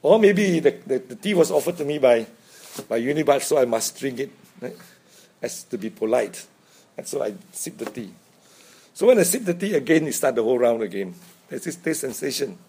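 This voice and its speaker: A man's voice: mid-range voice, expressive, fairly quick, mellow, a little hiss or hum. A man giving an informal Buddhist dharma talk, chatty, chuckling often and checking in with "right?". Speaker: Buddhist teacher.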